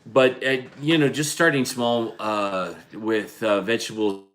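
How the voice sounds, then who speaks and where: Deep-voiced easygoing man, halting. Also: steady tone, fairly bright tone. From United States. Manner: halting, restarts and fillers, easygoing. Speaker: vlog co-host. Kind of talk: casual chat on a livestream.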